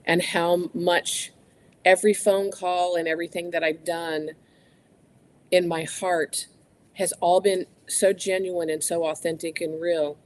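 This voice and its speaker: A co-presenter speaking haltingly and from the heart, near tears. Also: mid-range voice, flat delivery, slight background noise. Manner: halting and heartfelt, many ums and restarts.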